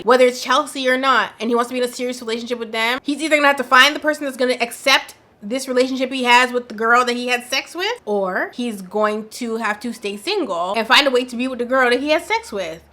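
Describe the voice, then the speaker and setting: A woman giving casual, opinionated commentary on a reality dating show, talking in an animated, slangy way. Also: on the high side. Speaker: reaction commentator.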